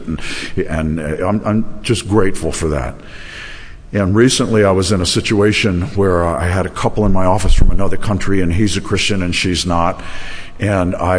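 A man's voice: low voice, slightly rough, big-room sound. A man preaching a sermon as pastor, telling stories with self-deprecating humor and acting out quotes. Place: church sanctuary.

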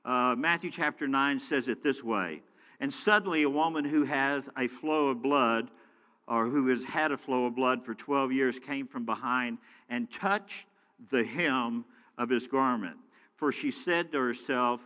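A pastor giving a conversational sermon, reading scripture and acting out the people in it. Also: male voice, medium pitch, moderate pace, sharp tone, big-room sound. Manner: conversational, acts out quoted voices.

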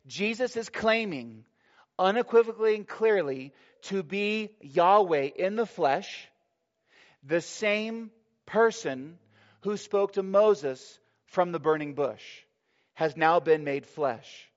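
A male pastor delivering a sermon in a slightly high-pitched voice. He preaches emphatically, leaning on key words and slowing down for scripture. The recording sounds dull and lo-fi.

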